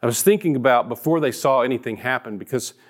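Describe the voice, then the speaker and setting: A man's voice: mid-range voice, fast. Middle-aged male pastor, earnest sermon delivery, storytelling, mid-range voice. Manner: earnest, storytelling, frequent restarts.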